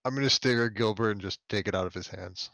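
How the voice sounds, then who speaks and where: A man playing in a tabletop game, joking and giving quick commands. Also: lowish voice, fairly bright tone, no echo. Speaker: player. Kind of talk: casual tabletop game chat.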